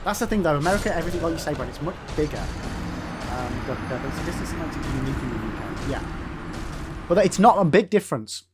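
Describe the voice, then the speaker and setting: A man's voice: on the high side, lively intonation, fast talker, music in the background. A man with an English Midlands accent chatting casually with his stream's chat while playing, swearing freely and answering viewers by name. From England. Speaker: gaming streamer. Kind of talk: casual livestream chat reading viewer messages.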